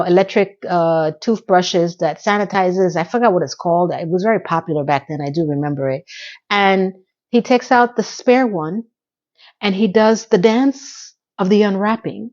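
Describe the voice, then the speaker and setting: A woman's voice: mid-range voice, a little mellow. Chatty woman recapping a show, dull audio. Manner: chatty and conversational, with asides, mock sound effects and impressions of characters. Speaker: TV episode recap host. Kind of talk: casual chatty recap commentary.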